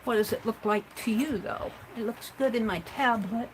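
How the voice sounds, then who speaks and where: A woman's voice: fairly high pitch, moderate pace, slight background noise, low-quality recording. A woman hosting a casual craft livestream, chatting to herself and viewers as she tidies her supplies at home. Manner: chatty, talks herself through tidying up.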